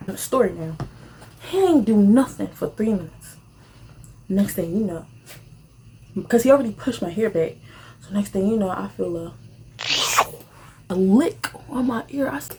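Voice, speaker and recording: Rambling young woman telling a storytime. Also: a little hiss or hum. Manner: animated, rambling, slangy, jumps to high squeals when excited. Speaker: vlogger. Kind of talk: casual storytime while eating.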